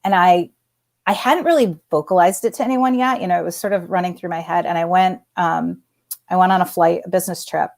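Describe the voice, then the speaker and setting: A woman in her forties, a former executive, telling a personal story as a guest in animated conversational style, full of fillers and restarts. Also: lowish voice, brisk, vocal fry.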